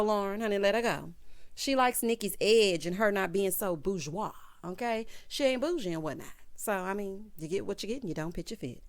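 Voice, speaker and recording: A sassy woman giving a casual TV episode recap, chatting directly with her audience. Her voice sits at an ordinary mid pitch, and she keeps up an opinionated, conversational running commentary. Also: expressive, quick pace. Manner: sassy, chatty, talks straight to viewers. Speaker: TV recap vlogger.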